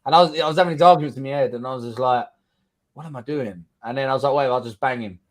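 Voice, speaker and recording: A mid-range voice delivered very fast belongs to a guest fighter from England in his thirties, who has a London accent. Speaking in a casual interview, he's blunt and swears freely while re-enacting what people said.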